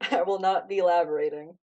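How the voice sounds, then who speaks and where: A woman's voice: lowish voice, steady tone, moderate pace, mellow, dull audio. Dry, teasing young woman co-host. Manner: dry, teasing, mock-formal. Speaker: podcast co-host. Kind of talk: casual chat.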